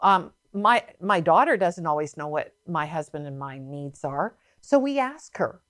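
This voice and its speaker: A woman's voice: low voice, animated, measured pace, a bit bright, dry recording, studio quality. A middle-aged woman preaching a sermon, reading scripture dramatically and emphatically.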